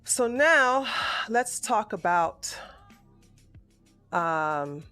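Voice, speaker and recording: A man's voice: high-pitched, very animated, extremely slow, pushed and bright, smooth, no room sound, faint music behind. A political livestream host talking through an argument on his show in an emotional, stammering way that keeps correcting itself. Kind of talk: livestream commentary.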